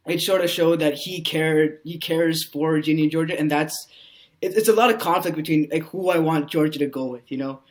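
A man's voice: fairly high pitch, fairly quick. Man guest rambling with many fillers. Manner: rambling, heavy use of "you know" fillers. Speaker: actor guest. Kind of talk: casual podcast interview.

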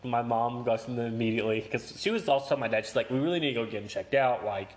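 A man's voice: medium pitch, very fast. A young man casually telling a story in a podcast chat, swearing a lot, laughing and acting out quotes. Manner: profane, laughing, acts out quotes.

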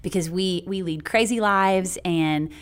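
A woman's voice: on the low side, a little slow, smooth. A woman, a podcast guest who talks in a bubbly, giggly way and often says "like". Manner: bubbly, giggly, self-deprecating, lots of "like". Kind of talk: casual interview chat.

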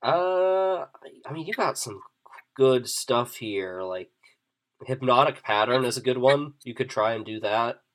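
A man running a tabletop game as game master, relaxed and chatty, thinking aloud with fillers. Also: mid-range voice, a little slow.

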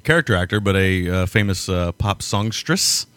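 Laughing, halting male podcast co-host. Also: low-pitched, expressive, fairly bright tone, no room sound. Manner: laughs often, halting with restarts. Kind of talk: casual chat.

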